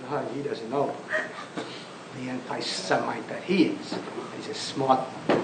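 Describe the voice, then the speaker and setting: A man's voice: mid-range voice, moderate pace, over a noisy crowd. A man giving an impassioned lecture on Jewish thought, emphatic and often sarcastic, repeating phrases for force. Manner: sarcastic asides. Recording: echoey room with faint background noise.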